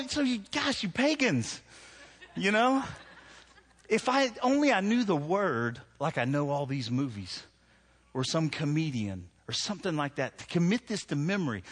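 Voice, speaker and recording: Pastor preaching in a reverberant hall. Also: male voice, sits high, slightly rough. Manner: conversational, self-deprecating, swings into loud emphatic preaching. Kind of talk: sermon. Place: church hall.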